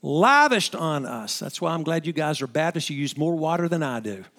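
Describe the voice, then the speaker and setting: A man preaching a sermon to fellow pastors, emphatic, repeating phrases for stress and asking the listeners direct questions. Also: fast talker. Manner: swings from soaring high-pitched exclamations to low hushed lines.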